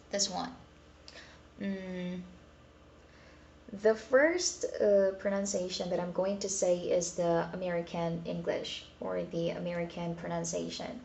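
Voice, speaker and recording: Slow, gravelly woman teacher. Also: mid-range voice. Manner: drills words slowly sound by sound. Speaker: pronunciation teacher. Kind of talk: pronunciation lesson vlog. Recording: echoey room.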